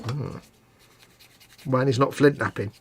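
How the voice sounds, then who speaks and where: A man's voice: medium pitch, unhurried, a little hiss or hum. A British man co-hosting a casual live stream, playfully chatting and teasing while building a model kit. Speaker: co-host.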